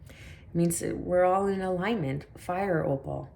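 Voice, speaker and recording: Low, mellow-voiced tarot reader woman. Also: measured pace, vocal fry, echoey room, slight background noise. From Canada. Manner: soft, meandering, with many fillers and affirmations. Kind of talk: spiritual tarot reading.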